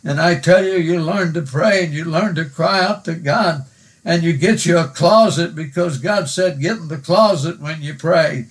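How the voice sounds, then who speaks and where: A man, preaching a sermon and praying, slow and earnest, repeating words for emphasis. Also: a little high. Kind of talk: sermon with prayer.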